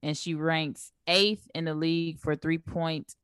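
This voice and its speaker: A young woman co-hosting a casual sports chat show, laughing often and walking through stats in relaxed slangy talk. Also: low-pitched, unhurried, clean tone, dry recording, studio quality. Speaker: co-host.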